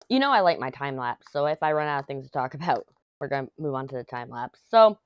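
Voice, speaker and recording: Low-voiced chatty mom. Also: female voice, no echo. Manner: rambling family storytelling, chatty asides. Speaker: craft vlogger. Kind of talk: casual chat while crafting. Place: home craft room.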